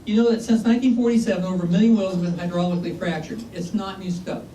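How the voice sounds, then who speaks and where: A man's voice: sits high, steady tone, fast talker, dark tone. A man giving an informal geology lecture, chatty and joking, asking the audience questions, heard from a distance in an echoey room. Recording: echoey room, distant mic, faint noise.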